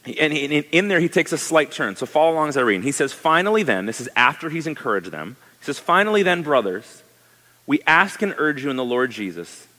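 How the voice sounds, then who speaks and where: Animated male pastor in a reverberant hall. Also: on the high side. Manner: animated, conversational preaching with rhetorical questions. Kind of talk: sermon.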